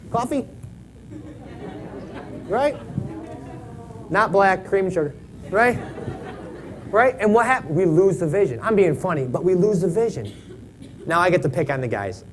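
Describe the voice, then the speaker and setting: A man's voice: high-pitched, slight background noise, poor audio. A man in his thirties preaching a folksy, joking sermon in a church, often checking in with "right?". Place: church sanctuary.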